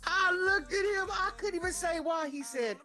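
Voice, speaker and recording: A woman casually telling an animated, profane story. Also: extremely high pitch, normal speed, soft background music.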